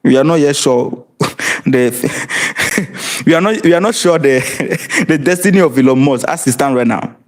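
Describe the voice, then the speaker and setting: A man's voice: a little high, lively intonation, a little slow. A man with a Ghanaian accent giving live-streamed political commentary, emphatic and rhetorical, often repeating words and asking viewers to comment. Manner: repeats and restarts words, laughs between points. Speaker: livestream commentator.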